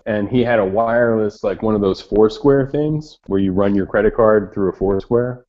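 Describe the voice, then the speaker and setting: A man telling a story in a casual chat, animated and swearing freely. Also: fairly low pitch, normal speed. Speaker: chat participant. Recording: lo-fi online voice chat.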